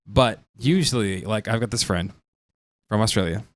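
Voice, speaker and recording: A man's voice: lowish voice, normal speed, no room sound, clean studio sound. Rambling male podcast co-host. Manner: rambling, animated storytelling. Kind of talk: casual chat.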